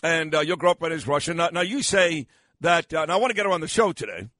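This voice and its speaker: A man's voice: fairly high pitch, lively intonation, fast talker, pushed and bright, no room sound. An older man hosting a morning radio talk show, rambling and self-mocking with lots of fillers, sounding tired and losing his voice. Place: radio studio.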